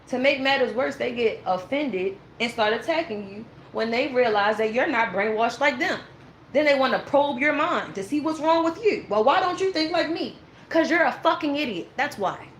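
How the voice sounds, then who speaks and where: A woman's voice: on the high side, roomy sound, a little hiss or hum. A woman giving a blunt, ranting tarot reading in a casual monologue. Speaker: tarot reader.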